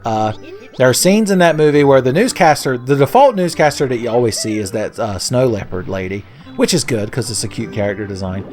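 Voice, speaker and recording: A man's voice: mid-range voice, expressive, a little fast, darkish tone, soft background music. A young man hosting a let's play, giving casual gameplay commentary full of sarcastic, profane, rambling jokes.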